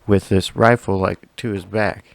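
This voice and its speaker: Low-voiced man telling a rambling story. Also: steady tone, unhurried, creaky, dry recording. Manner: profane, rambling, laughs a lot. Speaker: podcast co-host. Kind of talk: casual storytelling chat.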